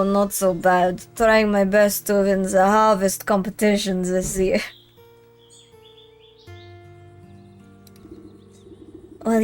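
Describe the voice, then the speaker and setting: A woman's voice: medium pitch, close to an everyday voice. Woman doing a grumbling gourd farmer with a Russian accent. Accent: put-on Russian. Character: middle-aged male gourd farmer, grumbling.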